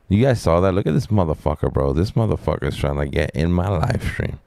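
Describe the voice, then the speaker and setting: Fields: Voice: deep-voiced, gravelly man. Style: rambling live-stream chat. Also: animated, brisk, hardly any pauses, mellow, no room sound. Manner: rambling, profane, laid-back.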